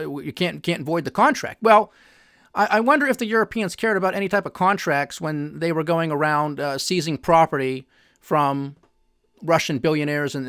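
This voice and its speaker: A man's voice: fairly high pitch, a bit bright, clean tone, dry recording, clean studio sound. A man hosting a finance news show, giving emphatic, sarcastic opinion commentary straight to his audience.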